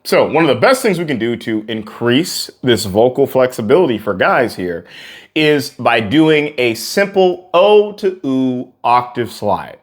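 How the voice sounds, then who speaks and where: Earnest male vocal coach, piano behind. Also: medium pitch. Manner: earnest, repetitive, encouraging. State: out of breath after exercises. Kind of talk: singing lesson with demonstrations.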